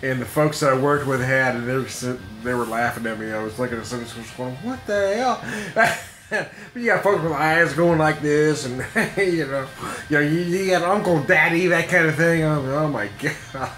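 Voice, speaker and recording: A man's voice: a little high, moderate pace, bright, forceful tone. A middle-aged man rambling through a casual monologue, laughing often and swearing freely. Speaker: podcast host. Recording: echoey room with faint music.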